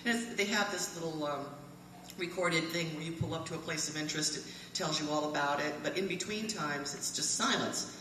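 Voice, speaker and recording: A woman in her fifties telling a funny story live to an audience in a fellowship hall, animated and often laughing. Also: low-pitched, a little fast, slight background noise. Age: 50s. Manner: animated, laughing as she tells it. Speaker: alumni storyteller. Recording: echoey hall, voice from far off.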